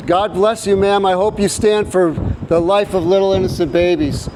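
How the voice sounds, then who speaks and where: A man preaching in the open air to passers-by in a loud, insistent, declaiming way. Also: sits high, fairly even intonation, moderate pace, few pauses, slight background noise, poor audio. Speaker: street activist. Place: outdoors by a government building.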